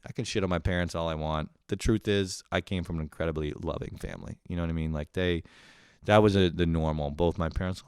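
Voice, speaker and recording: A man's voice: low voice, a little fast, clear, resonant tone, dry recording, clean studio sound. A young man doing a rambling, profane comedy monologue with self-mocking asides. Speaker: comedian, podcast host.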